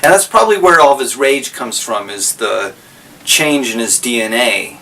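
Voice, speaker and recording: A man's voice: mid-range voice, lively intonation, normal speed, creaky, bright, forceful tone, distant mic. A man casually recapping a story, rambling and correcting himself as he goes.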